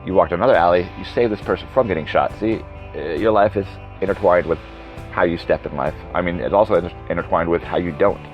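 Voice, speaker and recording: The voice sits low and moves at a quick pace; it's a man in his thirties hosting a solo podcast. Casual and digressive, he wanders into tangents and corrects himself mid-stream. The dull lo-fi recording has background music.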